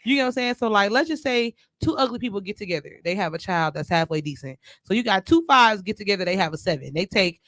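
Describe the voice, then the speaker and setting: A man co-hosting a podcast, talking in a loose, animated way, spinning out his points with slang and "you know what I'm saying.". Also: high voice, no room sound. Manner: animated, drawn-out storytelling with slang. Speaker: podcast co-host. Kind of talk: casual podcast chat.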